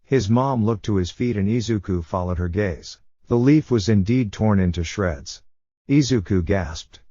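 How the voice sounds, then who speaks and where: A man narrating a fiction story in a steady storytelling manner. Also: on the low side, normal speed, dry recording. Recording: dull dry lo-fi recording.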